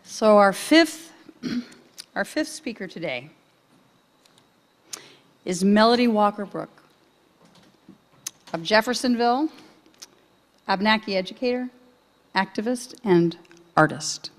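A woman moderator introduces the next speaker slowly, her pitch rising and falling a lot. She sounds measured and formal. A long hall reverb trails behind her words. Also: lively intonation. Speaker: session moderator.

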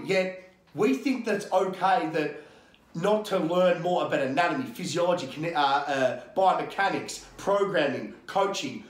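Fiery, swearing Australian man, raised pitch. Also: normal speed, reverberant. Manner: fiery, blunt, heavy swearing, ranting. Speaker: guest coach. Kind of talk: casual podcast interview.

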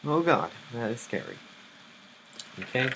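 A man's voice: medium pitch, big pitch swings, a little slow, gravelly, fairly bright tone, slight background noise, low-quality recording. A young man commentating his own live gameplay, easily startled and muttering nervously to himself. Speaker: gamer playing live.

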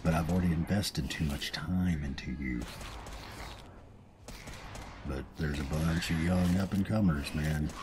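A man's voice: rumbling low, a little slow, long pauses, background noise. A man with a Southern US accent hosting a let's play, chatting casually and chuckling at his own jokes. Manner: chatty, folksy and self-amused, chuckling often. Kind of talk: casual gameplay commentary.

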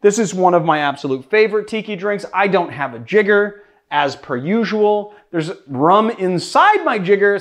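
A man's voice: high voice, expressive, normal speed. A young man from Boston hosting a casual cocktail tutorial, chatty and joking about himself as he works. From Boston, USA. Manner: chatty, joking, self-deprecating. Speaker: cocktail show host.

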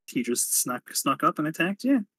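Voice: medium pitch, very animated, moderate pace, fairly bright tone, slightly rough, dry recording. A player in a tabletop game, questioning politely in character. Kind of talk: role-playing a tabletop game.

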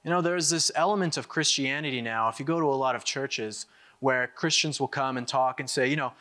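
This conference speaker is a young American man with a medium-pitched, bright, forceful voice. He gives a political speech with real emphasis, repeating himself as his arguments build and slipping in fast asides.

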